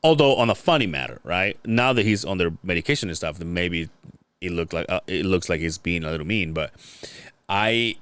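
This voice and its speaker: A man with a lowish voice tells a story in casual podcast chat, often stopping and starting over. The sound is dry and close, with no room around it. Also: lively intonation, brisk, fairly bright tone, clear, resonant tone, dry recording. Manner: rambling storytelling with many restarts. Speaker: podcast host.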